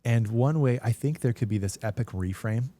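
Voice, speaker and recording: A man's voice: medium pitch, normal speed, mellow, no echo. A man talking as a podcast guest in a casual, earnest conversation, reflective and prone to restarting his sentences.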